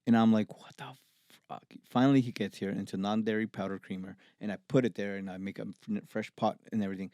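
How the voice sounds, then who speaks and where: A man's voice: fairly low pitch, fast, dry recording, clean studio sound. A man, a recording engineer, telling casual profane stories as a podcast guest. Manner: profane, animated anecdotes with laughs. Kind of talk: casual storytelling.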